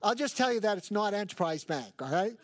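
A man's voice: high-pitched, brisk. An older man, a pastor, preaching a sermon and telling stories with self-mocking humor. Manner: animated storytelling with self-mocking humor and acted quotes.

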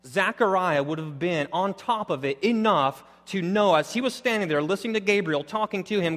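A man delivers a sermon with animated energy, rising to loud emphasis and dropping to hushed intensity. His voice sits a little high, and a long reverb trails each phrase as in a large hall. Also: moderate pace, few pauses. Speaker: pastor.

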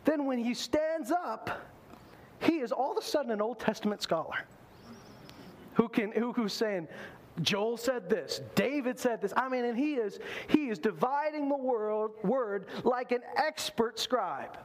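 A male pastor preaching a sermon in an animated way, acting out the voices he quotes. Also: very high-pitched, measured pace.

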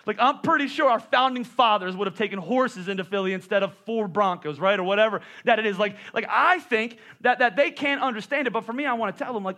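A middle-aged male pastor preaching a sermon, telling stories with lively asides to the congregation. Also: high-pitched, quick pace, few pauses. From Pennsylvania. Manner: animated storytelling with asides to the congregation.

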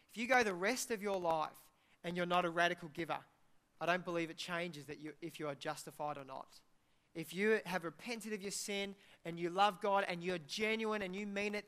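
High, bright-voiced pastor preaching. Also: male voice. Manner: conversational and joking, mimics listeners' worried inner voices. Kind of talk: sermon.

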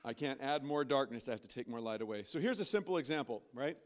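A pastor preaches a fast, animated sermon from a church stage. He acts out inner voices with sudden loud, high bursts.

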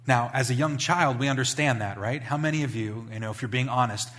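A male pastor giving a sermon in a conversational, animated storytelling manner, acting out voices as he tells stories. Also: a little high. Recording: long hall reverb.

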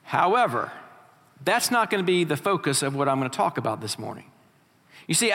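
In a church sanctuary with long hall reverb, a pastor preaches a sermon, reading scripture and putting rhetorical questions to his congregation. His voice is high and sharp.

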